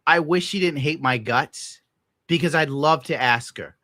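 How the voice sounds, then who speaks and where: A young man with a bright, forceful voice rants bitterly and swears constantly as he comments on a stream. The sound is dry and close, with no room around it. He talks in a casual, sour way. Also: on the high side, unhurried, no echo. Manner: bitter, crude, heavy swearing. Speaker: streamer reacting to clips.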